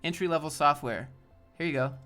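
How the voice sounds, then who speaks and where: A man's voice: on the high side, pushed and bright, faint music behind. Rambling man chatting on a livestream. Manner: rambling, loose, quick asides to chat. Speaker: livestream host. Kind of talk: casual live stream chat, reading chat.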